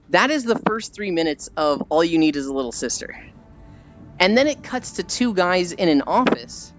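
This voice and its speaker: A man streams as he walks, rambling casually to his viewers. The audio is dull and lo-fi, and soft music plays behind him. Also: a little high. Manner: rambling, acts out scenes in put-on voices. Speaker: livestreamer. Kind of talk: casual stream chat while walking.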